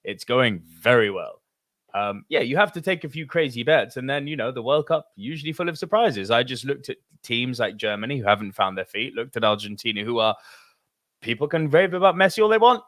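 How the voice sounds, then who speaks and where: A man's voice: mid-range voice, lively intonation, fairly quick, a bit bright, no room sound. A man from France co-hosts a casual podcast, reading out listener messages and reacting with easy laughs and loose swearing. His voice sits mid-range, recorded close and dry. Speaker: podcast co-host.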